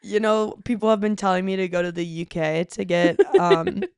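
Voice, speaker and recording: A young guest on a podcast, talking casually and bluntly, joking and swearing as they go. The voice has a gravelly edge, yet stays smooth and clear. The sound is close and dry. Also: medium pitch, very animated, moderate pace, no echo.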